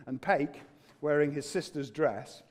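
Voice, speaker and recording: A man with a British English accent telling a folk tale live, in an animated, dramatic and playful way. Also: fairly high pitch, unhurried. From Britain. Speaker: storyteller.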